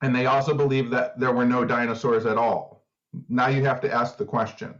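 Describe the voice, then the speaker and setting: A man's voice: mid-range voice, flat delivery, brisk, dull audio. A man co-hosting a podcast in casual, joking chat, laughing easily. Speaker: podcast co-host.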